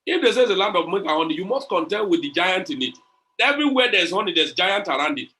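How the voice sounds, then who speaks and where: Bright-voiced man giving a preachy pep talk. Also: high voice, sing-song, fast talker. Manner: preachy, repeats phrases, retells conversations. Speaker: crypto community leader. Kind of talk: motivational online talk.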